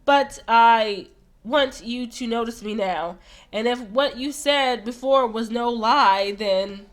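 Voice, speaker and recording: A woman reading the lines of a nervous young man confessing his feelings in a game, earnest and halting. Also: fairly high pitch. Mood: pleading. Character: nervous young man confessing love, prickly but shy.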